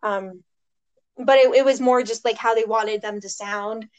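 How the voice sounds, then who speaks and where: Casting note: American woman, podcast co-host, casual and chatty, on the higher side. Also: steady tone. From United States. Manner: chatty, laughs often, quick asides. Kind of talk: casual chat.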